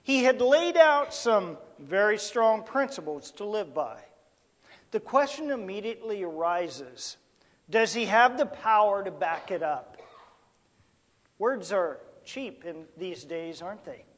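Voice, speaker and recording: Slow high-voiced pastor in an echoey hall. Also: male voice, big pitch swings. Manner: unhurried, asks rhetorical questions, some fillers and restarts. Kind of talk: sermon teaching. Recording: long echoey hall reverb.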